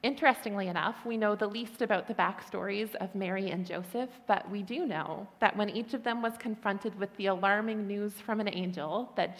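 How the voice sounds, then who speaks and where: A woman giving a gentle, earnest sermon, telling a story with touches of light humor. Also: mid-range voice, gravelly. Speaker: preacher. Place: church hall. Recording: long hall reverb.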